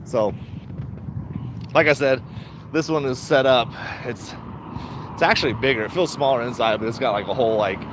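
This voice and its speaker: A man's voice: mid-range voice, normal speed, pauses often. Middle-aged guy just shooting the breeze, laughs a lot, hiss and road noise behind. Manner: laid-back, laughs often, rambling. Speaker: stock vlogger. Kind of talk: casual chat to viewers. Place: around his retail shop and car.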